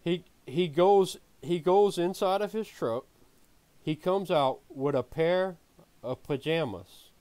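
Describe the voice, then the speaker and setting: A man's voice: a little high, slow pace, darkish tone, clear, resonant tone, no echo. A man streaming, telling a story in a casual way, laughing often and swearing freely.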